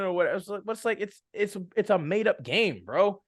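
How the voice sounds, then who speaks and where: A man's voice: sits high, normal speed, fairly bright tone, no echo, clean studio sound. A young man co-hosting a casual podcast, giving advice to new game masters in a rambling way, full of fillers and restarts. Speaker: podcast co-host.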